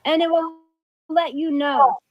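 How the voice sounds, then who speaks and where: A woman's voice: high voice, fairly even intonation, a little slow, highs cut off. A woman talking casually and defensively on a call, indignant about being blamed.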